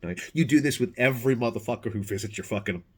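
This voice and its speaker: A man telling a casual, animated anecdote to the camera, full of swearing and restarts. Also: medium pitch, quick pace, breathy edge. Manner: profane, animated, self-interrupting. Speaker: storyteller, former podcast host.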